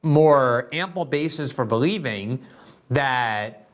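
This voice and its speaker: A man's voice: medium pitch, expressive, slow pace. A man hosting a political show, delivering commentary in a sarcastic, mocking manner before interviewing a guest. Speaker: host.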